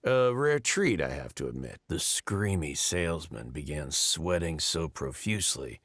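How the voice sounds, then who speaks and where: A deep, husky, sardonic investigator. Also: male voice, sing-song, unhurried, a bit bright, dry recording, full character voice. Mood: wry. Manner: dry, sardonic. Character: weary sardonic man investigator. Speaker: game narrator and protagonist. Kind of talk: scripted game narration.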